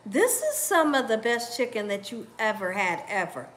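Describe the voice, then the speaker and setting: A woman's voice: a little high, sing-song, normal speed, a bit bright, slight background noise. A middle-aged woman hosts a cooking live stream. She chats casually, laughs often and talks straight to her viewers as "y'all". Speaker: cooking channel host reading viewer comments.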